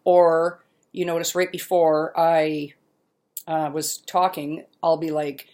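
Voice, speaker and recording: Middle-aged woman vlogging from her mom's place, kinda low voice, chatty, laughs a lot, stops mid-sentence hunting for words. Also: little pitch movement, slow, a little mellow. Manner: chatty, laughs often, self-deprecating. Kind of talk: casual personal vlog. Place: at her mother's home.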